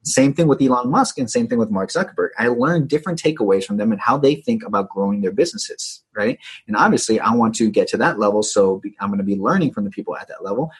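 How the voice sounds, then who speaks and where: Deep husky-voiced man, upbeat coach. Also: fast. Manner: energetic, tags many phrases with "right?". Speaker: guest, digital agency coach. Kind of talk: casual interview talk.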